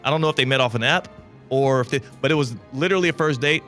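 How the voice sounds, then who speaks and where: A man hosting a talk radio show, telling a long story with lively, animated delivery. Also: mid-range voice, fast, faint music behind. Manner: lively anecdotal telling with bursts of laughter. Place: radio studio.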